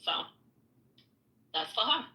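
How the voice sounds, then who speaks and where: Bright-voiced New woman, echoey room. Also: takes it slowly. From New York. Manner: laughing, teasing, playful. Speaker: show co-host. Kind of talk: casual banter.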